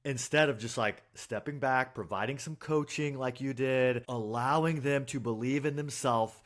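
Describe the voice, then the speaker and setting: A man's voice: mid-range voice, normal speed, fairly bright tone. A man hosting a podcast interview, reflecting earnestly on what his guest just shared. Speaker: podcast host. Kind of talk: interview conversation.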